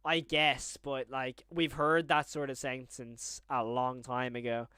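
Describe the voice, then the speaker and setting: A young man talking his way through a live stream in a chatty, rambling manner, quickly getting excited. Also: medium pitch, smooth, dry recording, clean studio sound.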